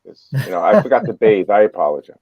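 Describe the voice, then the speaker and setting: Excitable man on dull lo-fi audio. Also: fairly low pitch, fast talker. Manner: excitable, swears and laughs a lot. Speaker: livestream co-host. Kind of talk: casual chat.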